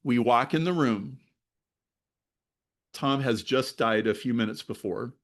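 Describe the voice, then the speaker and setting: A man's voice: mid-range voice, measured pace. A man telling a personal story to a discussion group, acting out the other people in it. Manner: animated, acts out other people's lines in the story. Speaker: discussion leader. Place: online video meeting.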